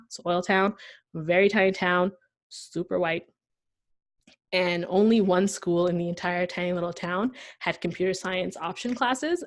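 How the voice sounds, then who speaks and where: A young woman from Pakistan talks as a podcast guest, her voice sitting a little low for a woman. She tells her story with energy, slipping into the voices of the people she quotes. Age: young adult. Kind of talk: conversational podcast interview.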